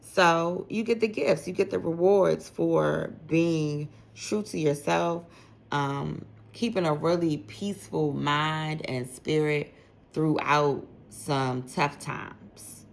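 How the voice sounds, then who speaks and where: Speaking slowly in a low, gravelly voice, a woman reads tarot for the zodiac signs in a relaxed, unscripted way. She talks to each sign directly, casual and slangy, sprinkling "like" all through her sentences.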